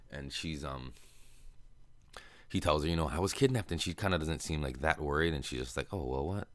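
A man's voice: extremely low pitch, a bit bright, dry recording. A man hosting a podcast, casually retelling a movie plot in a rambling way with fillers and swearing, sometimes acting out the characters' lines. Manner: acts out characters' lines in quick voices. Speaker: podcast host.

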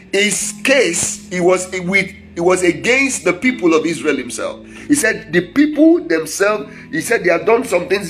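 A man preaching a sermon, reading scripture slowly and breaking off to explain it with asides and chuckles. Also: high-pitched, a bit bright, low-quality recording.

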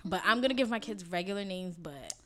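A woman's voice: on the low side, lively intonation, quick pace. A young woman from a Haitian family in casual podcast chat, telling stories bluntly and profanely, acting out what people said. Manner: blunt, profane storytelling with acted-out quotes.

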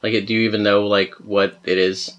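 A man's voice: fairly low pitch, little pitch movement, moderate pace, fairly bright tone, muffled recording. A man hosting a casual podcast chat, rambling and full of fillers, laughing often. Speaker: podcast host.

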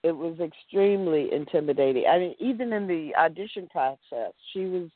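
Woman telling lively stories over a phone line. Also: low voice, brisk, dry recording. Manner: animated storyteller acting out quotes. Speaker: guest actress. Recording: dry, tinny phone-like line.

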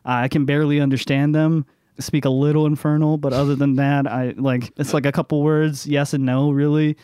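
A man's voice: a little high, little pitch movement, fairly quick, dark tone, clean tone, dry recording. A man, a tabletop game player, casually introducing his character, rambling with many fillers.

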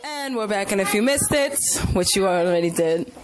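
A woman's voice: medium pitch, lively intonation, normal speed. An American woman co-hosting a podcast, telling stories in a playful, self-mocking way. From United States. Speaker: podcast co-host. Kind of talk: casual podcast chat.

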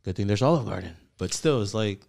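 A man's voice: lowish voice, expressive, quick pace, gravelly, darkish tone. A man in his thirties co-hosting a casual talk show, laid-back and rambling with lots of "you know" and "right?", now and then slipping into Spanish slang. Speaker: podcast co-host. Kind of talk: casual chat.

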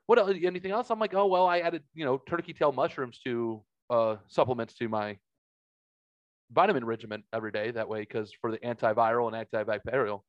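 A man's voice: medium pitch, fairly quick, dry recording, dull audio. A man telling a story in a casual podcast chat, profane and heated.

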